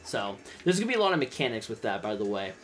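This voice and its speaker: A man's voice: on the low side, sing-song, quick pace, a bit bright, faint music behind. A man hosting a let's play, chatty and enthusiastic. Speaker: gaming channel host.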